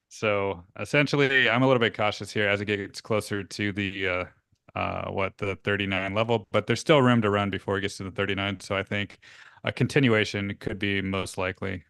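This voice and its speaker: A man with a lowish, smooth and clear voice walks through a stock chart over a video call. He sounds laid-back and casual, tossing in "right?" as he goes. The sound is dry and close, with almost no room around it. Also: fairly bright tone, dry recording. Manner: laid-back, laughs easily, says "right?" often.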